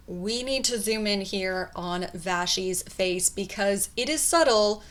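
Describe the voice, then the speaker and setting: Female analyst narrating commentary, slow deliberate delivery, calm and explanatory. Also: mid-range voice. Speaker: body language analyst.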